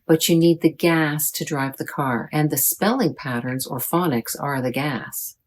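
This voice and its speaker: American lady teaching pronunciation, low voice, talks real slow, says each sound carefully. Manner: deliberate, modeling sounds for learners.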